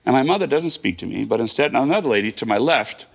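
Fast-talking gravelly man in his fifties. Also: mid-range voice, animated. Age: 50s. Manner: vivid present-tense retelling with fillers and restarts. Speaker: guest. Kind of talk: personal storytelling.

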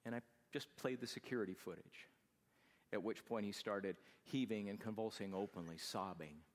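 A low-pitched man recounts a deeply personal story, his voice carrying a long hall reverb. He speaks quietly and slowly, dropping to a hush at the tender moments. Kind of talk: emotional personal testimony.

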